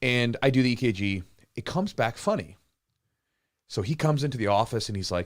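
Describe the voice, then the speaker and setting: A man in his thirties hosting a live podcast Q&A, chatting casually and telling stories with lively acted-out quotes. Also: mid-range voice, quick pace. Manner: animated storyteller, acts out quotes, swears casually. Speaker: podcast host and jiu-jitsu coach.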